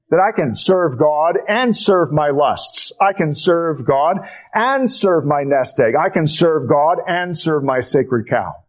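Slow, emphatic male preacher. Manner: slow, emphatic preaching with deep drops on key words. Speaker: pastor. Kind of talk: sermon.

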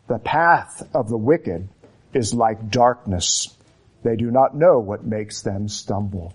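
A man preaching a sermon in a measured, emphatic way, leaning on deliberate repetition. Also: lowish voice, animated, husky. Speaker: pastor.

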